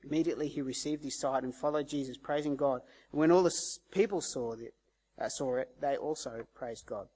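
A man's voice: mid-range voice, a little fast, dark tone, slightly rough. A man preaching a sermon in a conversational way, acting out the voices in the story he tells. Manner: conversational, acts out quoted voices. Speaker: pastor.

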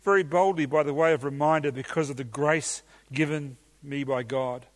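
A man's voice: fairly high pitch, steady tone, moderate pace. A man preaching a teaching sermon with emphatic enthusiasm and some hesitations.

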